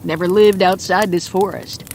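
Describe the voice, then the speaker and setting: A woman voicing a calm, laconic man raised in the backwoods, speaking tersely and evenly in a bedtime mystery audiobook. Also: fairly low pitch, moderate pace, slight background noise, lightly acted. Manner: terse and even.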